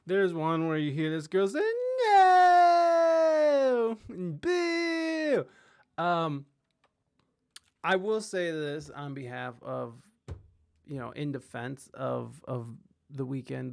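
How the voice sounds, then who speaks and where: A man's voice: on the high side, fairly even intonation, unhurried, gravelly. A man hosting a livestream, chatting casually and rambling with plenty of swearing as he reacts to clips. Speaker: livestream host. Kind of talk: casual chat.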